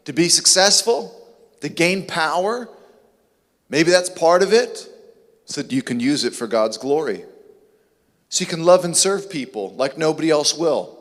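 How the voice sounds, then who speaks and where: A man's voice: fairly high pitch, expressive, measured pace, pauses often, long reverb tail. A man preaching a sermon with emphatic, rhetorical questions. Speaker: pastor.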